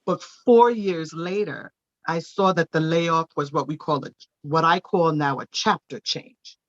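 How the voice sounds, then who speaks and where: Animated woman telling her testimony. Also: low voice, unhurried, highs cut off. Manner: animated storytelling, acting out quoted voices. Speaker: guest sharing testimony, daycare owner. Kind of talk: personal testimony in a church interview.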